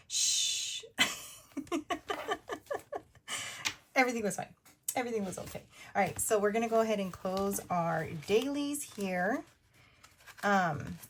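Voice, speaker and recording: Woman, 30s, upbeat rambling vlogger voice, mid pitch, faint background hiss. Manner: chatty, upbeat, rambling with fillers. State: partly whispering. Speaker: budgeting vlogger. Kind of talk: casual chatty narration over cash stuffing.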